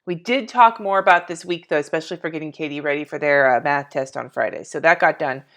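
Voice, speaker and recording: A woman's voice: sits low, quick pace, a bit bright. A woman in her forties, chatty and scattered, talking to herself and to viewers while she decorates a planner on a live stream, swearing casually. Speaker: planner vlogger.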